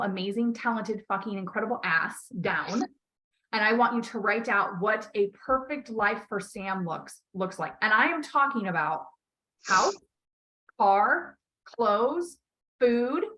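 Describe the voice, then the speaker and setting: A woman's voice: fairly high pitch, fairly bright tone, low-quality recording. A woman coaching a client on a call, talking bluntly, swearing freely and encouraging her. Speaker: life coach.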